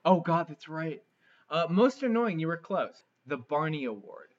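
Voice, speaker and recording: A man's voice: fairly high pitch, animated, a little slow. A young man co-hosts a podcast, telling crude stories in a loose, rambling way full of fillers. The recording sounds slightly dull. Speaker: podcast co-host. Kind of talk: casual comedic chat.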